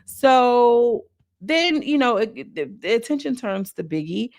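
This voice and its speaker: A woman recapping a reality show in casual, slangy commentary, breaking into quick mocking impressions of the cast. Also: fairly high pitch, sing-song, darkish tone, no room sound, clean studio sound. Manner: chatty, slangy, quotes cast members in mocking voices.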